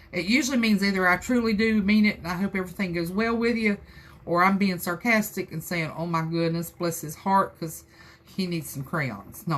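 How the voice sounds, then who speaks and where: Woman, Southern US accent, folksy, rambling how-to chat, talks straight to viewers, mid-pitched voice. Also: a bit bright. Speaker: crafter hosting a live tutorial.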